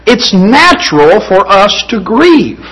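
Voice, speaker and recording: A man's voice: sits high, sing-song, takes it slowly, fairly bright tone, rough recording. A man preaching a sermon, earnest and rising to fervent emphasis.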